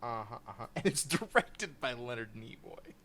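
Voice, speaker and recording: A man co-hosting a casual podcast chat, excitable, laughing often and explaining trivia at length. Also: medium pitch, moderate pace. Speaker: podcast co-host.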